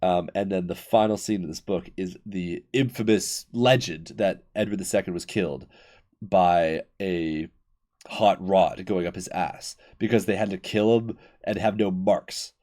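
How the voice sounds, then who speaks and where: A young man casually retelling a book series on his podcast, excited and rambling, with lots of fillers and restarts. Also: deep voice, measured pace. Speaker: podcast host. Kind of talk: casual history chat.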